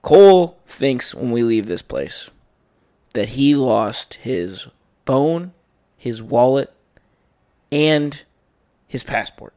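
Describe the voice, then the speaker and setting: A young man hosting a casual podcast, spinning a story with lots of "like" and swearing. He talks at an ordinary pitch and slips into quoted back-and-forth as he goes. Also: sing-song, slow pace, long pauses, warm tone. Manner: rambling, profane, lots of fillers and quoted dialogue. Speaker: podcast host.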